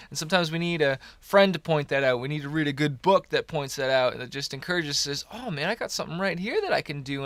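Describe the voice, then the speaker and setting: A man's voice: fairly high pitch, fairly bright tone, clear, resonant tone, dry recording. A man in his thirties from Canada, hosting a motivational podcast in a rambling, encouraging way, tired early in the morning. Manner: upbeat, rambling, encouraging, with many fillers. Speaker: podcast host. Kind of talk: casual motivational podcast talk.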